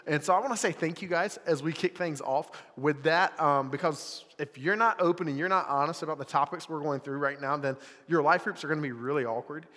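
Young man, youth pastor, relaxed chatty sermon, slightly high voice, recorded live in a reverberant church. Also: fairly quick, hardly any pauses. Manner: casual, conversational, lots of filler words.

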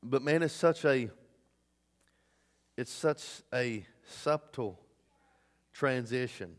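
A man preaching a sermon as pastor, swinging between loud emphatic bursts and low asides. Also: slow. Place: church sanctuary. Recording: long hall reverb.

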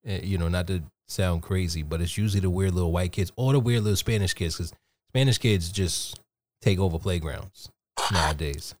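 A man's voice: low-pitched, normal speed. A man co-hosting a casual podcast, telling loose, profane, joking stories about his kids. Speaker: podcast co-host, father.

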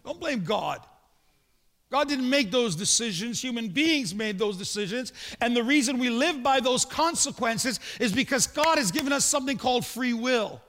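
A man's voice: very high voice, lively intonation, moderate pace, a bit bright, big-room sound. A man preaching a sermon as pastor, talking conversationally and asking rhetorical questions.

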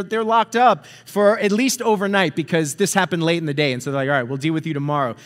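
Chatty preacher in a reverberant hall. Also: male voice, a little high, fairly bright tone. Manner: conversational, chuckling, checks in with "right?". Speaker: pastor. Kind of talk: storytelling sermon.

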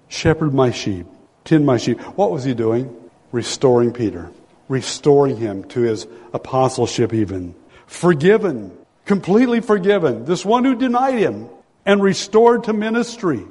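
A man's voice: mid-range voice, warm tone. A man preaching a sermon, retelling a story with emphasis and often repeating his key phrases. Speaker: pastor. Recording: long hall reverb.

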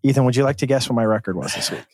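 A man's voice: medium pitch, expressive, racing, no echo. A man co-hosting a sports podcast, chatting casually with jokes and profane banter. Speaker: podcast co-host.

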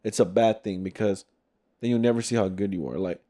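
A man's voice: fairly low pitch, brisk. A young man hosting a podcast in casual chat, telling stories with energy and acting out quotes. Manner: animated storytelling, acts out quotes loudly. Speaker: podcast host and film director.

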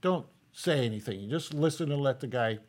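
A man's voice: mid-range voice, lively intonation, a little fast, darkish tone. A man co-hosting a podcast, telling jokes in a folksy, easygoing way and chuckling between them. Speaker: podcast co-host. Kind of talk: casual joke telling.

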